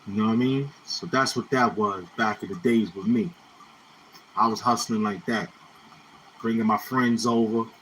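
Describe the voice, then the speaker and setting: A YouTuber from Brownsville, Brooklyn, New York, tells relaxed stories in a casual monologue, speaking heavy street slang and repeating the same phrases as he reminisces. His middle-pitched voice is bright and forward with a steady tone and moderate pace, and a faint hum sits under the poor-quality audio.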